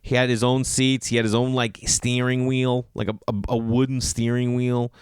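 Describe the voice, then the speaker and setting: With a clean, medium-pitched voice at normal speed, this comedian and podcaster animatedly tells humorous stories, saying "like" constantly and voicing others' lines loudly. The studio sound is clean, with no echo.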